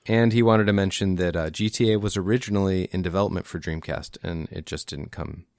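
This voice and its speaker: Low-voiced, easygoing male co-host, slightly tipsy, dry sound. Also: fairly quick, a little mellow, no room sound. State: tipsy from drinking. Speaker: podcast co-host. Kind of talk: casual chat.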